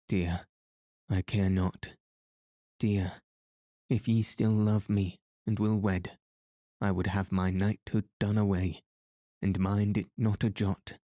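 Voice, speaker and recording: An ardent young knight from an old storybook, courtly and sincere, voiced by a man reading aloud. His voice sits low and dark, with little rise and fall. It sounds close and dry, with no room around it. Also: no room sound. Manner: earnest, old-fashioned courtly speech. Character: ardent young male knight, humbled but joyful. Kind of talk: audiobook reading.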